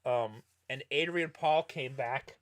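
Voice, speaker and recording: A man's voice: mid-range voice, slow. A middle-aged man chatting casually while he streams poker and answers viewer questions, rambling and correcting himself often. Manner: rambling, self-correcting storyteller. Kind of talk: casual livestream chat while playing poker.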